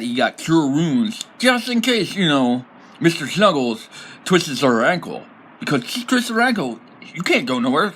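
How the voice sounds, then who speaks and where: A man rambles through a casual explanation of his tabletop character, laughing often. His voice sits a bit high and sounds bright and sharp, and his pitch swings widely. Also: a little hiss or hum, rough recording. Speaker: tabletop role-player presenting his character.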